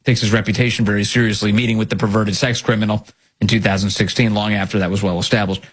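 A man's voice: lowish voice, little pitch movement, fast, husky. A man hosting political commentary, reading emails and news with a sarcastic, mocking manner.

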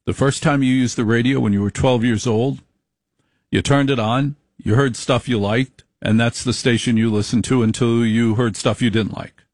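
Gravelly, husky-voiced man giving an emphatic speech. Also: medium pitch, no echo. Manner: emphatic, repetitive, salesman-like. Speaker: radio executive giving a speech. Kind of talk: speech to radio affiliates.

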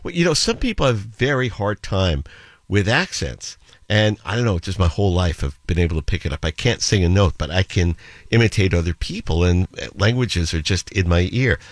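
Low-voiced older man radio host, dry studio sound. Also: animated, fairly quick, no echo. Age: 70s. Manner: chatty storyteller, slips into playful accent imitations. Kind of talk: radio show chat with listener shout-outs and anecdotes.

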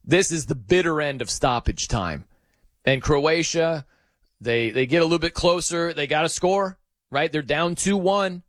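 Male sports radio host, lively, high-ish voice, dry close mic, animated storytelling. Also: a little slow, no room sound. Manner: animated, excitable storytelling with dramatic pitch swings. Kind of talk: casual sports talk monologue.

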